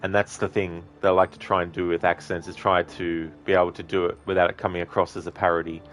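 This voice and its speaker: Man, gaming streamer, deep low voice, rambling casual chat, faint music behind. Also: flat delivery, fast, fairly bright tone. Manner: rambling, talkative, answers chat directly. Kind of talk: casual live-stream chat while playing.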